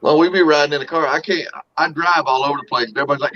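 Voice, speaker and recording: A man's voice: on the high side, steady tone, rapid-fire, hardly any pauses, a bit bright, a little hiss or hum. A man telling folksy stories in casual chat. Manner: folksy storyteller, acts out quotes. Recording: dull lo-fi audio.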